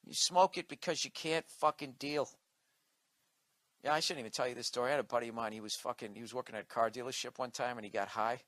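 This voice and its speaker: A man's voice: mid-range voice, fairly even intonation, fast, fairly bright tone, no echo. A man doing a profane comic rant with mocking asides. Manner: profane ranting, mocking impressions. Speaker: comedian. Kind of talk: podcast rant.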